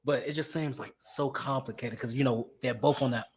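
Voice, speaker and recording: A man telling animated stories in a casual chat about acting. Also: mid-range voice, brisk. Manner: animated storyteller acting out quotes. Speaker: actor guest.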